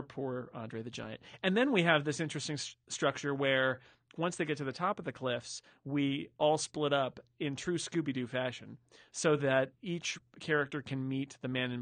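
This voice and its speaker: A man's voice: mid-range voice, fairly bright tone, no echo. A man hosting a podcast discussion, rambling casually with restarts and fillers. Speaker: podcast host. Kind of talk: casual chat.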